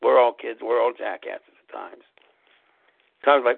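A man hosting a show, telling a personal story in a slow, deliberate way and spelling things out letter by letter. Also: a little high, expressive, creaky, dry recording. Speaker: podcast host. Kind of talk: casual storytelling monologue. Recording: tinny phone-like line, dry.

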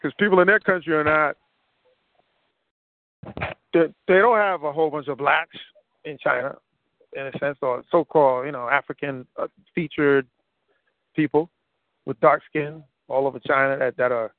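A man's voice: a little high, moderate pace, pauses often, no room sound. A man talking casually on a call, rambling and piling up examples, a bit winded. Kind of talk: casual conversation. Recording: tinny phone line.

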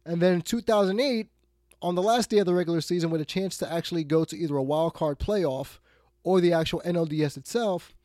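Male sports radio host, blunt and exasperated, fairly high voice, dry close mic. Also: a little fast, no echo. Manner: blunt, exasperated, swings between loud outbursts and muttered asides. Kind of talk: ranting sports talk monologue.

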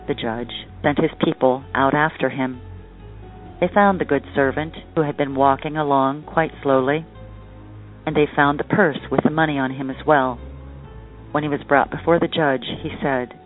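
A man's voice: fairly high pitch, steady tone, moderate pace. Man reading a story over a tinny line. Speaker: podcast host and storyteller. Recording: tinny phone-like line, faint music.

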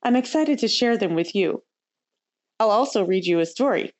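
A woman's voice: medium pitch, lively intonation, normal speed, a little mellow. Upbeat woman hosting a travel podcast. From United States. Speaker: podcast host. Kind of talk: scripted travel podcast narration.

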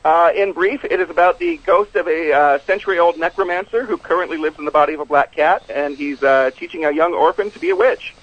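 A man's voice: fairly high pitch, a little fast, few pauses. Hesitant man on a dull phone line. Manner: hesitant, many filler words. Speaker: author guest. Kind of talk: phone interview.

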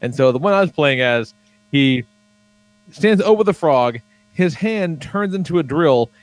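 A man's voice: a little high, expressive, a little slow, no echo. A man chatting casually on a podcast, swearing freely and rambling with lots of fillers as he tells stories. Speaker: podcast co-host.

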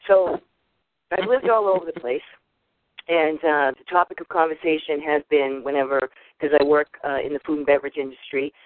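A woman in her fifties with a Boston accent introduces herself on a group call. She is an animated storyteller who acts out the voices in her stories. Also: deep voice, normal speed, no room sound. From Boston area, USA. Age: 50s. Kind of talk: casual personal introduction. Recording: tinny phone line, dry.

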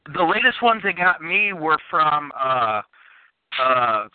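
A man's voice: a little high, very animated, slow pace, clean tone, dry recording. A man as a podcast guest, chatting enthusiastically and rambling with restarts. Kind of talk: casual chat. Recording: phone-like narrow sound, dry.

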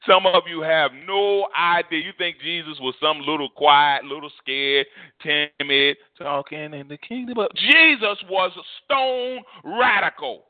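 A man's voice: on the high side, a little slow, dry recording. A male preacher delivering a fervent sermon, repeating phrases for emphasis. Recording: tinny phone-like dry sound.

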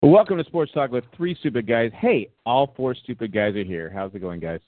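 A podcast host with a mid-range voice and lively intonation runs a casual sports talk show at a moderate pace, rambling through his points with many restarts and fillers. There's no echo, and he sounds dry and tinny, as if over a phone line.

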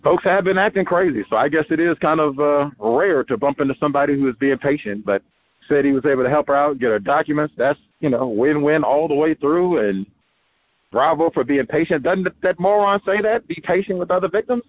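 A male radio host thinks out loud in a loose, rambling way, often slipping into quoted lines. His voice sits a little high for a man. The broadcast sounds muffled, with a faint hiss under it. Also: fairly quick. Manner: musing, rambling, acts out quoted voices with laughs. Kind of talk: conversational call-in radio commentary.

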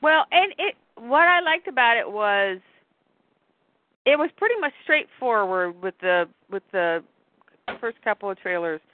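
Speaking a little slowly with lively intonation and a fairly high pitch, a podcast co-host rambles through casual conversation. She interrupts herself mid-sentence and performs the quotes she relays. Her audio comes through a tinny, phone-like line with no echo.

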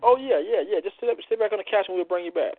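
A man's voice: high-pitched, very fast, slight background noise. A man hosting a call-in show with casual, exclamatory, hyped banter. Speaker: host. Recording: phone line.

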